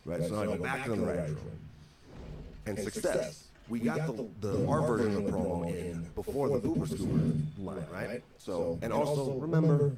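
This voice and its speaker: Lower-voiced man telling a wry, exasperated story. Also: animated, moderate pace, crowd noise. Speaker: interview guest. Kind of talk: storytelling anecdote. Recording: echoey distant replay from a stream.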